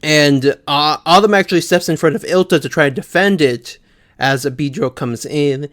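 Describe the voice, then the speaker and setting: A man's voice: a little high, normal speed, fairly bright tone. A man co-hosting a podcast, chatting casually through an episode recap with frequent laughs and many fillers. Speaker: podcast co-host.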